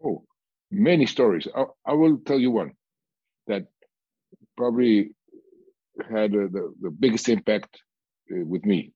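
A man telling a story in a measured, deliberate way, pausing often and restarting his phrases. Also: fairly low pitch, expressive, slightly rough, no echo, phone-quality sound. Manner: measured, with frequent pauses and restarts. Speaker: guest speaker on peace and reconciliation.

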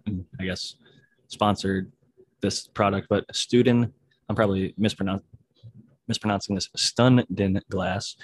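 A man's voice: low voice, a little mellow, no echo. A man hosting a casual group chat on a video call, talking in a laid-back, rambling way. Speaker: host.

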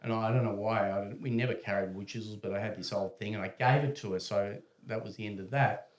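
A man with a lowish voice tells a casual anecdote at a fast clip. He's an animated storyteller who acts out the voices and laughs partway through his sentences.

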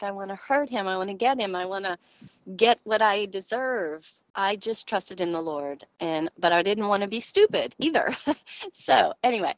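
A woman in her forties giving a personal faith testimony, earnest and halting as she searches for words, often laughing as she talks. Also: mid-range voice, no room sound. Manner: often breaks into laughter while speaking. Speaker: Christian speaker sharing a testimony.

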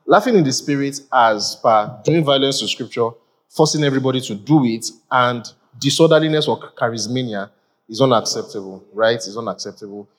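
Pastor with repetitive calm-down phrasing. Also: male voice, mid-range voice, brisk. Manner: calls for order, repeats short phrases. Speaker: pastor leading the discussion. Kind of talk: church Bible-study discussion.

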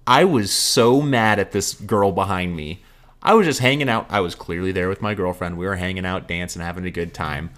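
A young man co-hosting a podcast, telling stories in casual chat and acting out quotes loudly. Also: low-pitched, brisk. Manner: animated storyteller, acts out quotes loudly. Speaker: podcast co-host.

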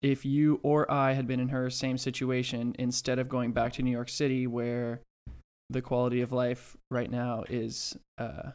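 A man's voice: mid-range voice, little pitch movement, moderate pace, darkish tone, clean tone. A man co-hosting a podcast in casual chat, rambling and hesitant, with lots of restarts and dry sarcastic asides. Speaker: podcast co-host.

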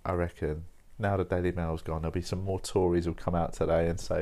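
A man's voice: low-pitched, level tone, fairly quick, warm tone. A young man rambling casually over coffee, informal and sweary, dropping "mate" and "like" as he talks. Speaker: podcast host.

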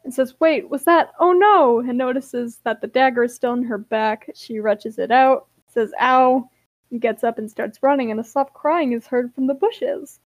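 A woman's voice: on the high side, steady tone, moderate pace, hardly any pauses, darkish tone, no room sound. A woman co-hosting a podcast, reading a roleplay aloud in a tired, amused way, laughing often. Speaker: podcast co-host.

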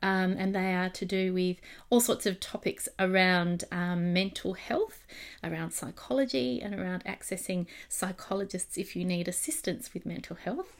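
A woman's voice: on the low side, steady tone, normal speed. A woman with an Australian accent, a psychologist hosting her podcast in an upbeat, chatty monologue with frequent ums, a little nervous. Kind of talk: casual monologue, podcast intro. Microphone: streamed live while recording audio.

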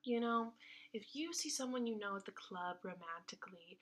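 A woman's voice: mid-range voice, expressive, normal speed. A young woman co-hosting a podcast, telling a rambling casual story full of "like" fillers. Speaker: podcast co-host.

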